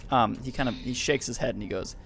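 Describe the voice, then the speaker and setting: A man narrating as game master of an online tabletop game, relaxed, with frequent fillers and throat clearing. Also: mid-range voice, fast, slight background noise.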